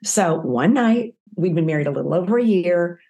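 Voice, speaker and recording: Low-pitched woman in her fifties, animated interview guest, acts out the voices in her anecdotes. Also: normal speed. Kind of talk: conversational storytelling interview.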